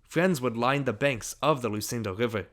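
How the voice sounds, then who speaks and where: An audiobook narrator with a mid-range, slightly bright voice reads a literary short story aloud. He delivers it in a measured, unhurried manner.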